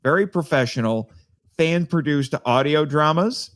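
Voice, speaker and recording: A man chatting as a podcast guest, animated and quick to laugh, often stumbling and restarting his words. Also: a little high. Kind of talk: casual chat.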